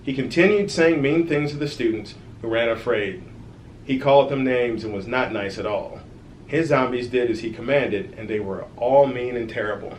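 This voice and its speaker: A man's voice: medium pitch, moderate pace, slight background noise. Man reading a kids' story in an echoey room. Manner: lively storytelling with asides to kids. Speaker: author reading his own book. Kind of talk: reading a children's story aloud.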